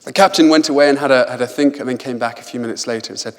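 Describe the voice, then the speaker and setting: A man's voice: mid-range voice, very fast, hardly any pauses. A man tells travel stories to a lecture audience in a mid-range voice, eager and anecdotal, often doubling back on his words. His voice rings out with a long reverb from the large lecture hall. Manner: lively anecdotal storytelling, self-repeating. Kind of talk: public lecture with slides.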